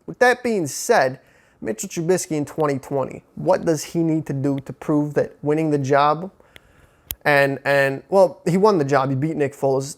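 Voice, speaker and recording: A young man from Chicago giving casual, excitable football commentary as a sports vlogger, full of fillers and slang. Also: a little high. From Chicago, USA.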